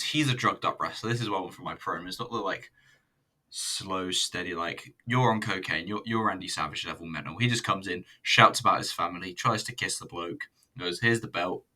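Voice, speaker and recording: Deep-voiced blunt man. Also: sharp tone. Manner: blunt, sweary, rambling with restarts. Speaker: wrestling reviewer. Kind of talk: casual commentary over footage.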